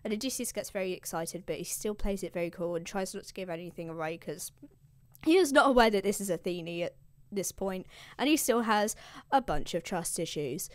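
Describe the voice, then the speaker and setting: A woman's voice: medium pitch, expressive, brisk, no room sound. A young woman who hosts a show explaining the classics, retelling an epic in a casual, irreverent, slangy way.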